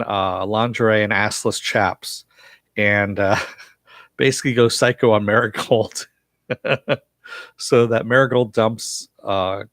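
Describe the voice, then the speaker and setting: Guy rambling thru a tv recap live, lowish voice, dry close sound, lots of uhs. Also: a bit bright, no room sound. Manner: rambling with frequent fillers and chuckles. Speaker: TV show reviewer.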